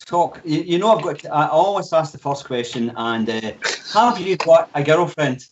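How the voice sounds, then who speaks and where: A man's voice: on the high side, animated, normal speed. A man co-hosting a casual online chat, playful and teasing, who stumbles and repeats his words. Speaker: co-host. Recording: muffled stream audio with background noise.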